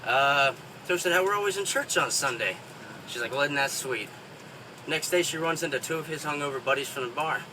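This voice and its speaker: Male comic, folksy joke telling, fairly high voice, distant mic, street noise. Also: fairly quick. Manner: folksy, chuckles at own jokes. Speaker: stand-up comedian.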